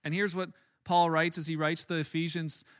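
A male pastor preaching a sermon in a loose, conversational way. His voice sits high and sounds bright and forward. He often restarts a phrase before finishing it. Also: little pitch movement, moderate pace, smooth. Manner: conversational storytelling with many restarts.

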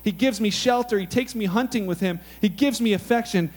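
Brief: humble grateful dog, earnest, high voice, done by a male preacher. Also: a little fast, darkish tone.

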